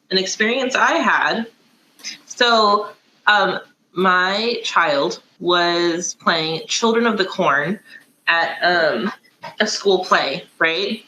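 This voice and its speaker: Woman, podcast host, middle-aged, bright tone, chatty storyteller, echoey room. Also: mid-range voice, a little hiss or hum. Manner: chatty, storytelling with many fillers. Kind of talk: casual chat.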